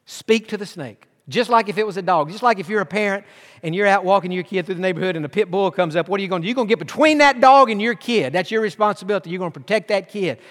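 A man's voice: high-pitched, very fast, fairly bright tone. A man preaching a sermon, telling a folksy story with humor and building emphasis. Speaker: pastor. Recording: long hall reverb.

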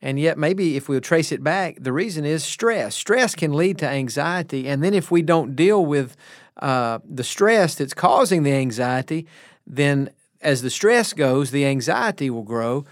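A man's voice: on the high side, lively intonation, unhurried, dry recording, clean studio sound. A middle-aged male pastor giving an earnest, encouraging devotional message with personal stories.

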